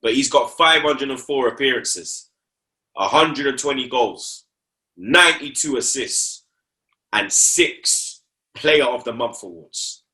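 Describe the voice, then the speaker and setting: A man's voice: mid-range voice, slow, pushed and bright. A young man, talking football on a casual podcast, slangy and repeating himself for emphasis.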